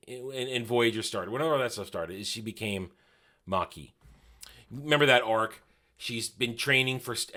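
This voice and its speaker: Bright-voiced man reviewing an episode. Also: medium pitch. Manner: rambling, self-correcting, quotes scenes in paraphrase. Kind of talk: casual spoken review.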